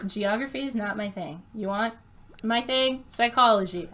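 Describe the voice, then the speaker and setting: Stumbling over names she doesn't know, a giggly woman reads a game's text aloud at a slow pace while streaming and chatting casually, laughing often. She has a slightly high voice with a fairly bright tone.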